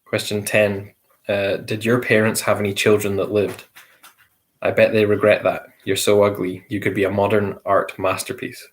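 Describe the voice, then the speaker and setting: A man's voice: on the low side, little pitch movement. A man hosting a casual quiz, reading each question and repeating it. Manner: repeats questions slowly, with light chuckles. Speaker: quiz host.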